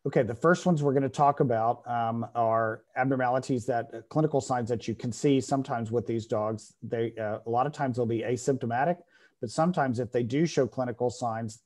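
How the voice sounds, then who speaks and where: A man's voice: mid-range voice, darkish tone. A middle-aged man giving a veterinary radiology lecture to a class, explaining step by step and often checking in with "okay?".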